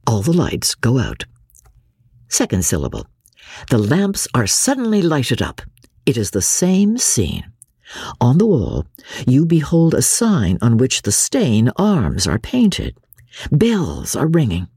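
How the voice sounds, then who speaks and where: A woman narrating a classic novel as an audiobook, with a close studio mic and an expressive reading that lifts her voice for the characters. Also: rumbling low, husky, dry recording.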